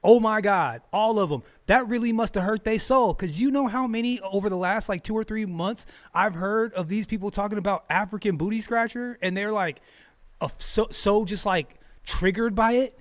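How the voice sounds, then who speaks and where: Man, high voice, podcast host, casual profane talk, animated, laughing, stammering repeats. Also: moderate pace.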